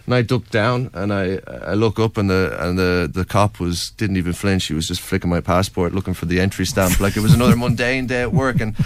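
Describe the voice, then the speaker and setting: A man's voice: sits low, a little fast, hardly any pauses, no echo. A young Irish man, a documentary filmmaker, earnestly recounting his experiences in an interview with many fillers. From Ireland, County Wicklow. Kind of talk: interview storytelling.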